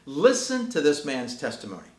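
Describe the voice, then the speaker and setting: A man's voice: fairly high pitch, wildly swooping pitch, normal speed. A man presenting and promoting a children's book in an enthusiastic, folksy way. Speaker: author and presenter. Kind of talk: promotional talk. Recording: roomy echo.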